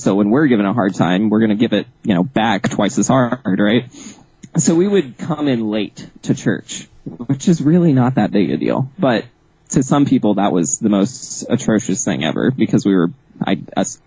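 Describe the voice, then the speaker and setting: A man, the author being interviewed, telling a story in a casual, animated way, laughing often and restarting his sentences. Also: on the low side, breathy edge, no room sound, poor audio. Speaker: author guest.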